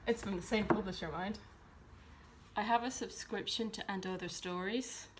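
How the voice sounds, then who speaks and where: A woman's voice: mid-range voice, steady tone, moderate pace, very noisy. Chatty woman vlogging about books. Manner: chatty, rambling, with many ums and restarts. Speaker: book vlogger. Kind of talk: casual chat. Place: at home by her bookshelves.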